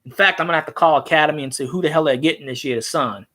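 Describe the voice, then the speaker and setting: A man rambling in a casual, profane, excitable monologue as a sports-fan vlogger. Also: on the high side, racing.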